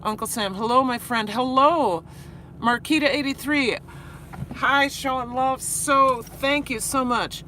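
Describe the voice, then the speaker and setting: Bright-voiced worn-out teacher vlogging. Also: female voice, high-pitched, slight background noise. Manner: emotional, earnest, halting with restarts. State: worn out after crying. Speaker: high school teacher and vlogger. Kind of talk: live-stream vlog, reading chat.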